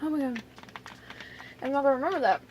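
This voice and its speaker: A young woman vlogging to camera, telling a story in a rambling, chatty way full of fillers and restarts, and often dropping to a soft near-whisper. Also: high-pitched, fast, a little hiss or hum.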